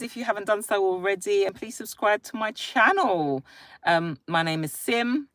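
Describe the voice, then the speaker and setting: A woman's voice: medium pitch, animated, normal speed, fairly bright tone, no room sound, studio quality. A woman with children hosting a casual live stream, greeting viewers by name and chatting in a free-flowing way. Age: adult, a parent. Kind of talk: casual chat reading viewer comments. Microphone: phone live stream.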